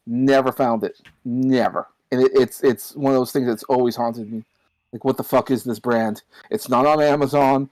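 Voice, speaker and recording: A man's voice: medium pitch, darkish tone, no room sound. Guy rambling on a podcast stream, hiccuping, mid voice, dry close sound. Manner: rambling, meandering storytelling. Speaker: guest on a stream. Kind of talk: casual chat.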